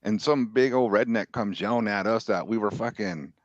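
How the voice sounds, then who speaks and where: A man's voice: fairly low pitch, normal speed. A man telling a profane, laid-back story in casual chat. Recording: dull lo-fi sound.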